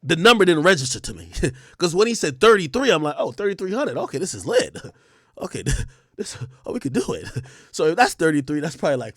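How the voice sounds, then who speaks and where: A man's voice: a little high, vocal fry, fairly bright tone, no echo, clean studio sound. A man streaming and telling a long profane story, laughing often and acting out each side of the conversation. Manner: profane, laughing, acts out both sides of the dialogue. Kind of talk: animated storytelling on a livestream.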